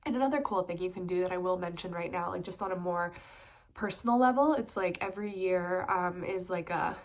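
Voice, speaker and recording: A woman's voice: fairly low pitch, brisk. A woman in her twenties with a stuffed-up nose from a cold, talking casually about tarot and astrology in a rambling vlog with many fillers. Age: 20s. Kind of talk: casual spiritual vlog talk.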